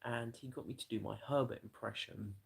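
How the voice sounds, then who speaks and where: Gravelly, husky man telling stories. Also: medium pitch, fairly even intonation, brisk. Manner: rambling, profane anecdote-telling. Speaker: livestreamer. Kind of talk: casual storytelling to a live chat.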